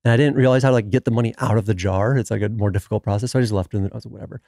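A man's voice: lowish voice, very fast, vocal fry, no echo, clean studio sound. A man, a podcast guest telling a long story in casual conversation and acting out the quoted dialogue. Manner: animated storyteller who acts out quoted dialogue.

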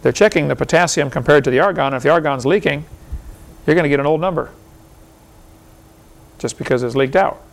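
A man's voice: on the high side, brisk, creaky, long pauses. A man giving a seminar lecture to a live audience in a folksy, argumentative way, firing off rhetorical questions and chuckling often.

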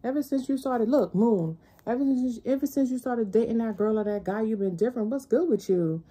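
A woman's voice: a little high, brisk, dark tone, breathy edge. A woman giving a casual spiritual tarot reading, talking bluntly and profanely in a loose, rambling way. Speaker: tarot reader.

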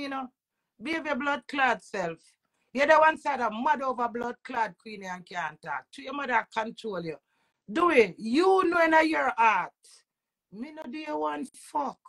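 A woman's voice: sits high, gravelly, fairly bright tone. A woman with a Jamaican accent, a vlogger delivering an agitated, repetitive emotional rant full of swearing.

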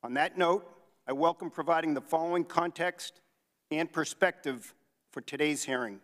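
A man reads prepared testimony in a formal, measured manner, his voice sitting slightly high. A long reverb from the large hearing room trails his words. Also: a bit bright. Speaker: hearing witness, financial investigator. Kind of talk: read prepared statement.

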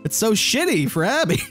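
Gravelly-voiced man reacting to a game. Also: high voice. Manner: emotional, swearing, laughing reactions. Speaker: gaming video host. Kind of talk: let's play commentary.

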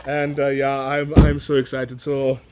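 Excitable man unboxing outdoors. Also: mid-range voice, a little slow, loud music behind the voice. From South Africa. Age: 30s. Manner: excitable, gushing, repeats words, laughs often. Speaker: toy reviewer. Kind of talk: casual unboxing vlog. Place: outdoors in a yard.

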